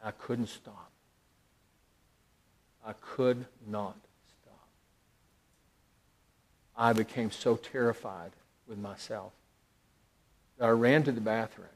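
A middle-aged man, a pastor, telling a personal story in a sermon, swinging dramatically between loud emphasis and hushed, near-whispered lines. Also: lowish voice, fairly even intonation, takes it slowly, pauses often.

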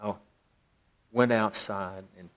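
A middle-aged man, a pastor, telling a personal story in a sermon, swinging dramatically between loud emphasis and hushed, near-whispered lines. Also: fairly low pitch, steady tone, slow pace.

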